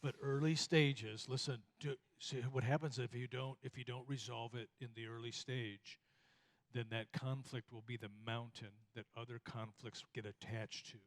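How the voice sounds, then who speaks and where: A man teaches about marriage from a church platform, his voice sitting at an everyday middle pitch. He tells stories in a folksy, self-deprecating way. He often trips over a word and restarts. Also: level tone, moderate pace. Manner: storytelling, folksy, self-deprecating, stumbles and repeats words. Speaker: minister teaching with his wife.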